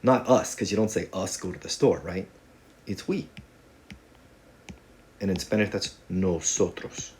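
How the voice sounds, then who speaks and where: A Spanish teacher with a somewhat low voice runs a casual video lesson on Spanish grammar, chatting with the class in a joking, conversational way full of playful asides. He speaks a little slowly and pauses often, with a faint hum of room noise behind him.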